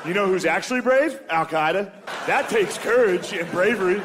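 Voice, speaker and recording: Brief: male comic, 30s, live club set, higher-pitched voice, crowd laughter and room noise behind. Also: moderate pace. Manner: deadpan delivery, jumping into loud mocking character voices. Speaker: stand-up comedian. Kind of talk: stand-up comedy set.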